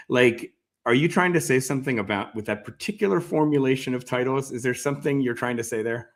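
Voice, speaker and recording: A man interviewing an author in a casual, halting way with many fillers. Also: mid-range voice. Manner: casual, hesitant, lots of fillers. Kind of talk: conversational interview.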